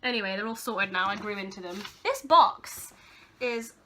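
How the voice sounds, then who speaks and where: A woman's voice: medium pitch, lively intonation, moderate pace, sharp tone, a little hiss or hum. A young woman vlogging casually, gushing and giggly as she goes through keepsakes, teary-eyed and sentimental. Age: young adult. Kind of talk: casual vlog chat.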